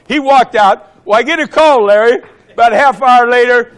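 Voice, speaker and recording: A man in his seventies from Ohio, a former congressman giving a blunt, animated rally speech, acting out the exchanges he describes. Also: very high voice, normal speed. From Ohio, USA. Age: 70s. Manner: animated, acts out quoted exchanges, blunt and profane.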